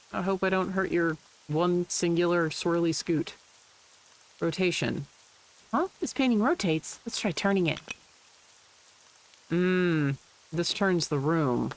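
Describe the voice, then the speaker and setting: A woman game streamer talks through her play in a fairly low voice, wry and a little sweary, reading the game's text aloud as she goes. Faint game music sits quietly behind her. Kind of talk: casual gameplay commentary.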